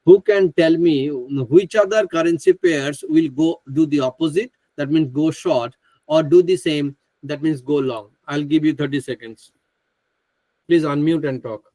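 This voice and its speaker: A man's voice: a little high, unhurried, warm tone, no room sound, rough recording. Man teaching trading on a call, hesitant. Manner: hesitant, many fillers and restarts. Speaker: trading instructor. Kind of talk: live online trading class.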